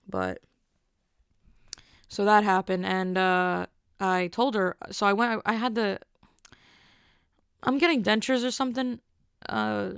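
A woman's voice: medium pitch, gravelly, no echo, clean studio sound. A woman in her twenties telling a rambling, self-deprecating story in a casual monologue. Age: 20s. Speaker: vlogger.

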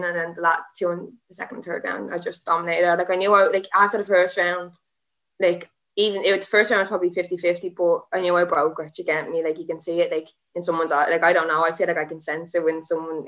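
A young woman with an Irish accent tells her story in a casual podcast chat. She talks very quickly and keeps piling on "like", breaking off with laughing asides as she goes. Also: on the low side, steady tone, a bit bright. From Ireland. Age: young adult. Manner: rambling, lots of "like", laughing asides. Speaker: guest, MMA fighter.

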